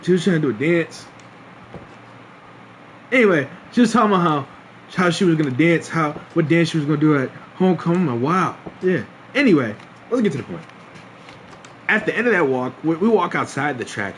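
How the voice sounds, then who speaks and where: A man's voice: a little high, sing-song, fairly quick, a little hiss or hum. A young man streaming a casual storytime, laughing often and restarting his sentences in slangy talk.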